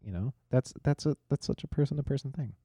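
A man's voice: mid-range voice, fast talker, dark tone, husky, dry recording, clean studio sound. A young man co-hosting a casual chat, laid-back and slangy. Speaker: podcast co-host.

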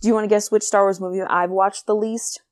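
A woman co-hosting a podcast in casual chat, animated, giggly and quick to exclaim. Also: medium pitch. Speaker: podcast co-host and quiz contestant.

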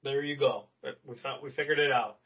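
A young man co-hosting a casual movie podcast, swearing freely and acting out lines from the film with excitement. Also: mid-range voice, a little fast. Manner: excited, swears a lot, acts out movie quotes. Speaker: podcast co-host. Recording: distant mic, dull lo-fi sound.

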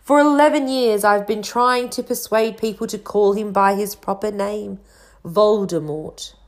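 A woman voicing an old male wizard headmaster who speaks calmly and gently, with a touch of teasing. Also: medium pitch, a little slow, lightly acted. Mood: gentle. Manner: calm, gentle, mildly teasing.

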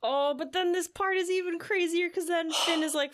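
A woman's voice: very high-pitched, normal speed, noisy background. A woman co-hosting a podcast in a casual book discussion, retelling scenes with lots of "like" and acting out lines. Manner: animated retelling, frequent "like", acts out characters' lines. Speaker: podcast co-host.

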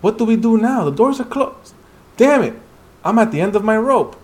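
A man's voice: high-pitched, very animated, normal speed, voice pushed up. A man voicing a furious male hunter who is fed up and quitting. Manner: shouting, fed up.

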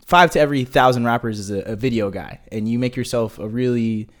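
Young guy, interview guest, relaxed slangy delivery, average pitch, filler-heavy. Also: a little fast. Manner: laid-back slangy talk with many "like" fillers. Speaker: guest, marketing business owner. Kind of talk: casual interview chat.

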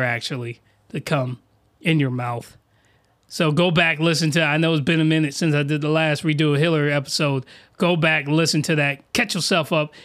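A man's voice: a little high, a bit bright. A man hosting a comedic review podcast, rambling and jokey, often cutting himself off mid-sentence. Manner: rambling, self-interrupting, jokey. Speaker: podcast host reviewing comics. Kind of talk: crude comedic review monologue.

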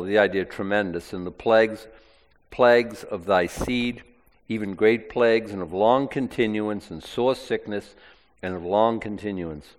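A man's voice: fairly low pitch, measured pace, big-room sound. A male preacher reading aloud from the Bible and commenting on it in plain, conversational asides during a sermon.

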